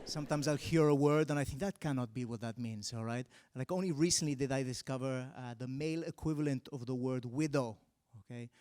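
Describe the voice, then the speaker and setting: A young man from Spain performing a stand-up comedy set on a stage, loud and exasperated on his punchlines. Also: medium pitch, fairly quick. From Mallorca, Spain. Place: arts centre stage with a live audience.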